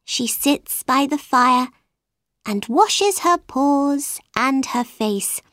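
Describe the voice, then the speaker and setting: Woman doing a polite chatty little girl from a storybook, high voice, says sorry a lot. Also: lively intonation, extremely slow, fairly bright tone, no echo, studio quality, heavily acted. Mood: apologetic. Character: polite, curious young girl, shrunk tiny. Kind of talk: storybook reading.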